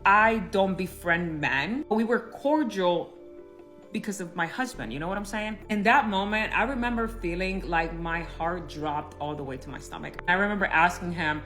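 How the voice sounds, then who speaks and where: A woman's voice: on the low side, normal speed, fairly bright tone, faint music behind. A woman casually recounting a painful personal story, emotional and rambling with frequent fillers. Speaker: storyteller recounting her marriage.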